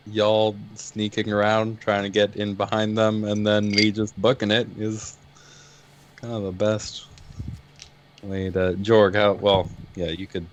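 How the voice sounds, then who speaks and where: A man with a very low voice talks through a plan at a tabletop game. He thinks aloud, hesitating and restarting. The talk is casual and loose. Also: a bit bright, a little hiss or hum. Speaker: player.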